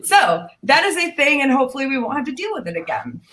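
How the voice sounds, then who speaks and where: A woman hosting a casual group chat, talking in quick, halting restarts. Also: high voice, very animated, bright, forceful tone. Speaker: podcast host.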